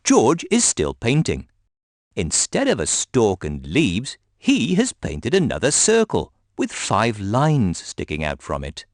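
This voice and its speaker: A man gently reading a children's storybook aloud in a sing-song, scripted narration. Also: lowish voice, wildly swooping pitch, slow, dry recording, studio quality.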